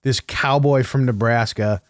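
A man's voice: medium pitch, steady tone, measured pace, background noise. A man co-hosting a casual chat, telling rambling stories with frequent laughter. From New England. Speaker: podcast co-host.

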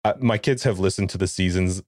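Deep-voiced dad telling a story. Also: male voice, brisk, no echo, studio quality. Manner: animated storyteller, acts out quotes. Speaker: podcast co-host. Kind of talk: casual chat.

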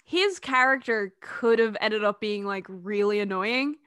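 A woman's voice: medium pitch, measured pace, a bit bright, clear, resonant tone, no room sound, clean studio sound. A young woman co-hosting a casual movie review chat, chatty with lots of fillers. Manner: chatty, many fillers, laughs easily. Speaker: podcast co-host.

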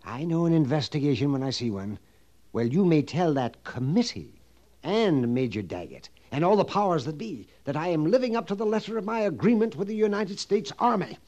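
A man's voice: fairly high pitch, lively intonation, a little fast, darkish tone, dull audio, lightly acted. An actor playing a fussy, nervous storekeeper at an army fort, fretful and theatrical, dropping his voice to whispers. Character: fussy nervous middle-aged male army-post storekeeper. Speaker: sutler running a fort canteen. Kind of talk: vintage TV western drama.

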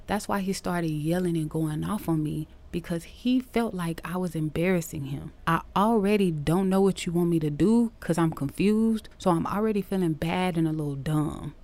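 A woman podcast host tells classroom stories in a casual, teacherly way. Her voice sits a little low, and it rises with energy whenever she acts out a quote. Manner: animated storytelling, acting out quotes.

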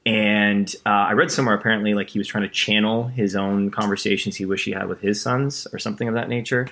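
A man's voice: lowish voice, fairly even intonation, fast, fairly bright tone, slight background noise. A young man co-hosting a casual film chat, enthusiastic and rambling, often acting out quoted lines. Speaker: podcast co-host.

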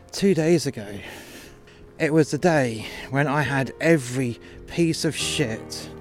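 A man hosting a podcast, telling a story in an indignant, sweary rant. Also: medium pitch. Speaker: podcast host. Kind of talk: storytelling monologue.

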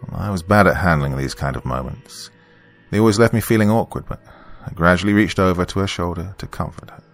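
A man narrating a first-person story in a calm, measured, reflective way. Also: low voice.

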